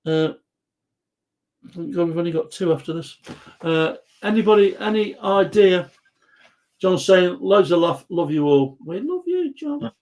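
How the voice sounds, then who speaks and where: A man's voice: sits high, unhurried, pauses often, a little mellow. A British man hosting a casual live chat quiz, joking and reading out viewer comments. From Britain. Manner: jokey, reads viewer comments aloud. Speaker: host.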